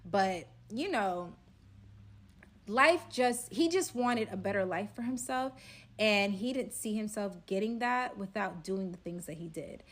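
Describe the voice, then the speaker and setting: A woman's voice: mid-range voice, expressive, a little slow. A young woman recounting a personal story, storytime style. She tells it animatedly and dramatically and acts out the quoted lines as she goes. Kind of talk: storytime vlog.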